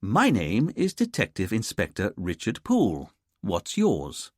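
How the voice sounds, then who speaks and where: A man's voice: lowish voice, wildly swooping pitch, measured pace, darkish tone, no echo, clean studio sound, heavily acted. A man voicing a fussy, pedantic male detective inspector in an audiobook, speaking in a teacherly way.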